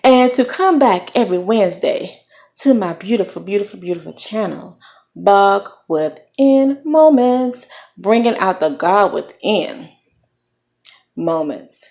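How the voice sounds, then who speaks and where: A woman's voice: medium pitch, lively intonation, a little slow. A middle-aged woman from Virginia with a light Southern accent, giving encouraging, preachy parenting advice in a casual vlog. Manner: warm preachy encouragement with folksy phrasing. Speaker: vlogger.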